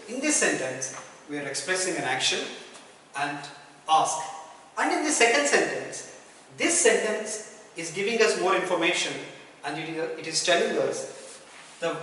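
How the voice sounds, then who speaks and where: A man teaching grammar, his voice high and bright. He explains patiently, repeating phrases and giving spoken examples. The sound is roomy and distant, with a long echo. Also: slight background noise. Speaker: English teacher. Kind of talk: grammar lesson. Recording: echoey room, mic far off.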